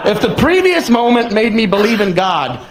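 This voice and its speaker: A young man performing a stand-up comedy routine on a club stage, telling the story with animated, acted-out exclamations. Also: sits high, normal speed, rough recording. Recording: live audience laughter. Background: crowd laughing.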